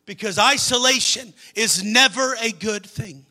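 A man preaching a sermon as a pastor, impassioned, swinging between shouted climaxes and hushed, quiet passages. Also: high voice, a little slow.

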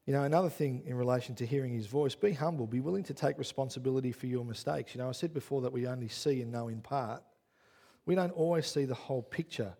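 A man's voice: medium pitch, quick pace, vocal fry, warm tone. A male pastor giving a conversational sermon, encouraging and drawing stories from the congregation.

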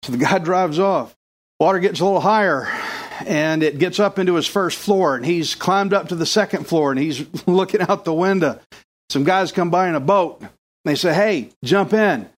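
A male pastor preaching a sermon, telling stories with lively voices for the characters. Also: high voice, moderate pace. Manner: animated storytelling, puts on voices for characters.

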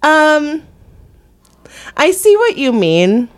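A woman's voice: sits high, sing-song, extremely slow, no echo. A woman co-hosting a podcast in casual chat, rambling through stories and laughing often. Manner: giggly, rambling storyteller. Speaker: podcast co-host.

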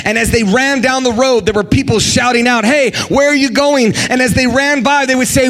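High-voiced, animated male preacher. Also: brisk, hardly any pauses. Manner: animated, acts out quoted people, calls for responses. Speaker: guest preacher. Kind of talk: energetic sermon.

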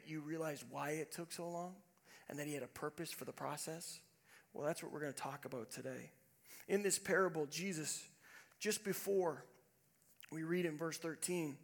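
A male pastor preaching a sermon, telling a self-deprecating story with animated, humorous delivery. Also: sits high.

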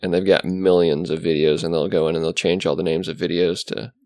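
Low-voiced man hosting a chat. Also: little pitch movement, fairly quick, darkish tone, no room sound, clean studio sound. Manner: rambling, lots of fillers and restarts. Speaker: podcast host. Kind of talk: casual chat.

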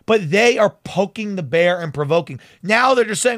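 A man's voice: high-pitched, lively intonation, moderate pace, hardly any pauses, fairly bright tone. A man hosting a talk show, delivering fiery, emphatic and sarcastic political commentary.

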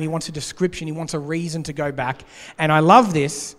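Earnest male pastor with a high voice. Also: fairly even intonation, brisk, few pauses, a bit bright. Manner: earnest, repeats key phrases. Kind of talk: sermon. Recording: long hall reverb.

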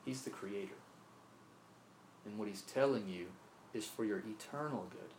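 A man's voice: lowish voice, normal speed, a little mellow, a little hiss or hum. A man from Mississippi preaching a sermon, earnest, often repeating himself and asking "right?". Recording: roomy echo, faint ambience.

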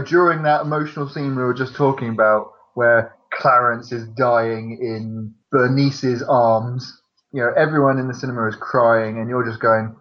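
A young man co-hosting a comedy podcast, stating absurd things as fact in a deadpan manner. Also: medium pitch, moderate pace. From United Kingdom. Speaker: podcast co-host. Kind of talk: casual comedic chat. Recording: dull lo-fi sound.

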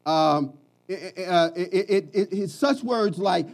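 A man preaches in a high voice with passion. He repeats phrases and swings from quiet asides to sudden loud bursts. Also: lively intonation, takes it slowly. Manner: impassioned preaching with repetitions and sudden loud peaks. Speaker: pastor. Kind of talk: sermon.

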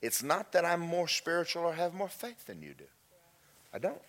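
A man preaching a sermon, telling an emotional testimony that drops to near-whispers and then rises loud. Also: on the high side, wildly swooping pitch, moderate pace. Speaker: pastor.

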